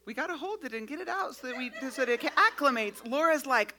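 A middle-aged woman with a bright, slightly high voice. She chats in a friendly, brisk way among colleagues and sometimes slips into short recounted scenes. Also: big pitch swings. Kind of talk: casual chat.

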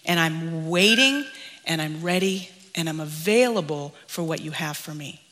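A woman preaching, telling a personal story in an earnest, confessional way that sometimes sinks to a hushed whisper. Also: low voice, animated, normal speed, in a large hall.

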